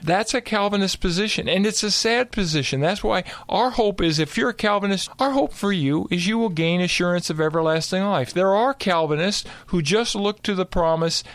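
Higher-voiced man explaining scripture. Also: moderate pace, few pauses, fairly bright tone, dry recording. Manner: explanatory, quotes scripture verse by verse. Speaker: co-host and Bible teacher. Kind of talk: theological discussion.

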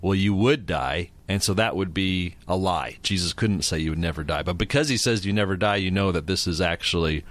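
Man, low voice, casual host, summarizing and asking back. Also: fairly quick, few pauses, fairly bright tone. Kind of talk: casual chat.

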